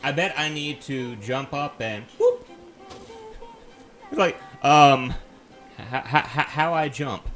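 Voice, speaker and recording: A man's voice: mid-range voice, slow pace, long pauses, fairly bright tone, soft background music. A man streaming a video game, chatting casually and mocking himself as he thinks aloud. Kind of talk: casual let's-play commentary.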